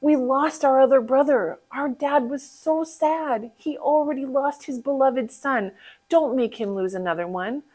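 A woman's voice: sits high, unhurried, darkish tone, pitched above the performer's own voice. A woman playing a humble brother, earnest pleading, a bit raised.

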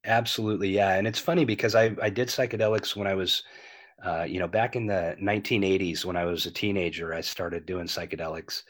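A man in his fifties talking candidly as an interview guest, earnest and animated, filling with "you know" and swearing freely. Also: low-pitched, fairly quick.

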